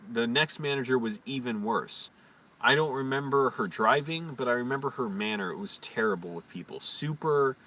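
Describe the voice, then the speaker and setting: Ranting man on a distant, bright-toned mic. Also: mid-range voice. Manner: profane, ranting, indignant. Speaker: live streamer. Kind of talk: casual live-stream storytelling. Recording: distant mic with faint background noise.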